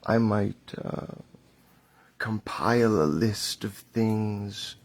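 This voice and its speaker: Slow gravelly man, mock-grand rambling vlogger. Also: fairly low pitch. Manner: mock-theatrical, halting, chuckling asides.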